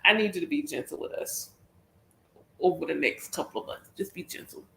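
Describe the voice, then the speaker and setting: A Southern woman with a fairly low, fairly bright voice talks briskly with lively intonation and some vocal fry. She's a spiritual reader on a livestream, chatting loosely, repeating herself, and calling listeners y'all. The room echoes, and there's a little hiss or hum.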